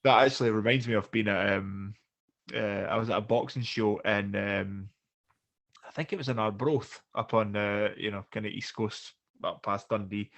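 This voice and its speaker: A man hosting a podcast, chatting in a relaxed way with short agreeing interjections. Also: on the low side, normal speed. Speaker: podcast host. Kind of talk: casual podcast chat.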